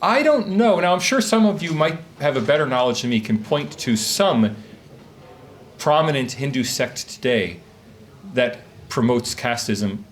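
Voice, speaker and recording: An academic man gives a conference talk to a live audience in a conference room, working from notes. His voice is mid-range and his pace measured. His lecture style is lively and full of questions.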